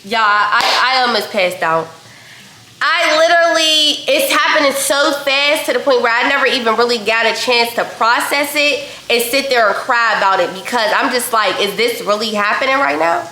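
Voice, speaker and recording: A young woman from Pittsburgh chats to her viewers in a bright, slightly high voice while she cooks, animated as she tells her story. The kitchen sounds roomy and echoey, with a faint hiss of noise behind her. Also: normal speed. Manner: chatty, animated, talks to viewers as "y'all". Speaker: vlogger and hairstylist. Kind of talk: casual storytelling vlog while cooking. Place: home kitchen.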